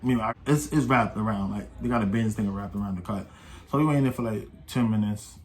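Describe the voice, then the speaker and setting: A man's voice: fairly low pitch, fast, slight background noise. An eighteen-year-old man telling a casual storytime, rambling and slangy, with many restarts and quoted voices. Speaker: vlogger.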